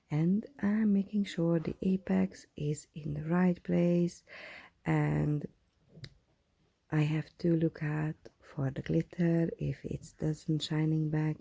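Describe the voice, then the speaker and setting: A woman, a nail technician, chatting to viewers in a casual tutorial voice-over, often dropping into soft whispered asides. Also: low-pitched, gravelly, slightly rough, no room sound, lo-fi sound. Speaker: nail technician, channel host. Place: at home.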